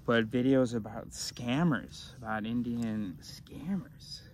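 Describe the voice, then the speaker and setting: A man vlogging in a rambling, philosophical monologue, often restarting his sentences and swinging between loud and mumbled. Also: mid-range voice, takes it slowly, a little hiss or hum. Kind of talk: casual rambling monologue to camera.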